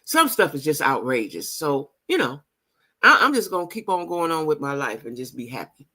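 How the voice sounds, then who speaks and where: A woman's voice: deep voice, sing-song, moderate pace, sharp tone. Emphatic woman vlogger. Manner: emphatic, repeats phrases for emphasis, talks straight to viewers. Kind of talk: casual vlog monologue.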